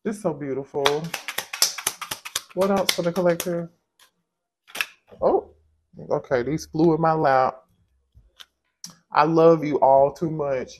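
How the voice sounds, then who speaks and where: A man doing a casual tarot reading for his viewers, animated and exclaiming, talking straight to them. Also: fairly high pitch, measured pace, long pauses. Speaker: tarot reader.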